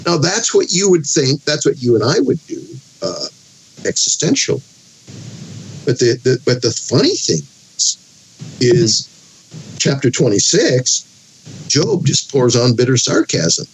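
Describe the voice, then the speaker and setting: A man, a guest pastor, explaining scripture in an animated, conversational way and reading passages aloud with emphatic expression. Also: medium pitch, unhurried, a little hiss or hum, low-quality recording. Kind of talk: conversational Bible teaching.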